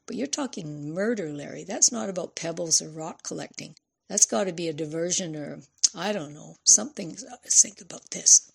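A woman's voice: fairly low pitch, normal speed, gravelly, breathy edge. A woman voicing a candid middle-aged female writer who speaks frankly and earnestly, in a storybook reading. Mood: brisk.

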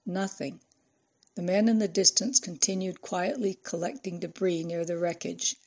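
A woman reading a novel aloud in measured, expressive scripted narration. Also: fairly low pitch, husky. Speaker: audiobook narrator.

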